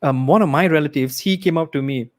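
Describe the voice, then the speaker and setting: A young man from Malaysia performing a livestreamed stand-up set, acting out characters. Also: brisk. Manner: animated, acts out characters with big pitch swings. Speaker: stand-up comedian.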